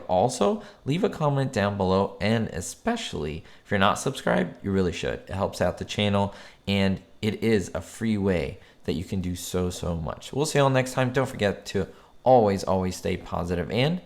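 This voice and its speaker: A man's voice: lowish voice, a little mellow. A man talking casually to his viewers, retelling old sitcom trivia in an upbeat, chatty way. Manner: chatty, upbeat, recaps scenes with asides. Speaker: TV trivia YouTuber. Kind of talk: casual explainer monologue.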